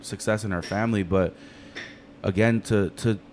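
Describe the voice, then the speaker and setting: A man talking casually on a podcast, telling stories in a fast, animated, profane way. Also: lowish voice, a little hiss or hum. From United States.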